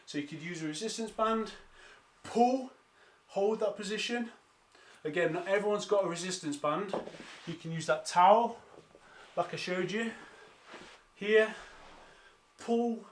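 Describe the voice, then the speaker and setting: Male calisthenics coach, high voice, echoey room at home, upbeat follow-along cues. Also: measured pace. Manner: encouraging, counts down reps, trips over words. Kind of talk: follow-along workout instruction. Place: home during lockdown, exercising on the floor.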